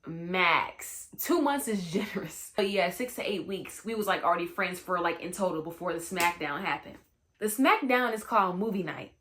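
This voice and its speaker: A woman's voice: fairly low pitch, lively intonation, normal speed, fairly bright tone, a little hiss or hum. A young woman telling a personal story in a casual, slangy storytime chat, full of "you know what I'm saying.". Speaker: storytime host.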